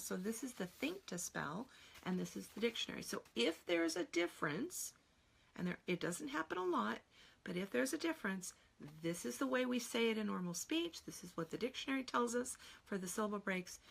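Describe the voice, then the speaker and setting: A woman's voice: medium pitch, vocal fry, breathy edge. A middle-aged woman teaching spelling in a live online Q&A, explaining patiently and sounding words out syllable by syllable. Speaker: spelling trainer.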